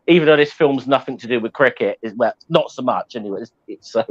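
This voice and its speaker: A man's voice: mid-range voice, fast, muffled recording. A man co-hosting a podcast in casual chat, stumbling and apologetic. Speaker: podcast co-host.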